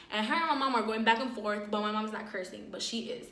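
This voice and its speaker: A woman telling a personal story in a casual, animated vlog, full of fillers and dramatic retelling. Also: on the high side, fast, few pauses, roomy sound. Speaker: storyteller, vlogger.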